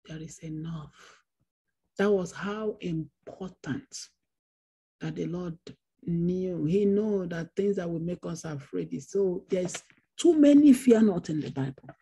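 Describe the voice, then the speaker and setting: A woman's voice: fairly low pitch, slow pace, dark tone, slightly rough. A woman pastor preaching a Bible study sermon, repeating phrases for emphasis. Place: church.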